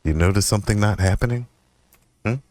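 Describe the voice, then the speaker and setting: A young man hosting his own podcast, telling a personal story in a rambling, profane way, laughing often and jumping into a higher voice when he quotes himself. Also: fairly quick, a little mellow, no room sound. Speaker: podcast host. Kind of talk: casual storytelling monologue.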